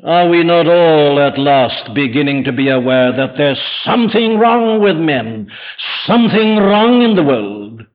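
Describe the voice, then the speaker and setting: Male preacher, fairly high voice, urgent rhetorical questions, dull old church recording. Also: lively intonation, a little slow, hardly any pauses. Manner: emphatic, full of rhetorical questions. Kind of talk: evening sermon. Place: church before a congregation. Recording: dull lo-fi archive sermon recording.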